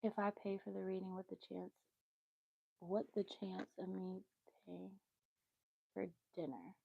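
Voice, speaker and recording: A woman's voice: mid-range voice, little pitch movement, measured pace, gravelly, slightly rough, no echo, dull audio. A woman giving a casual tarot reading on a livestream, chatty and easily sidetracked, with motherly asides. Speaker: tarot reader.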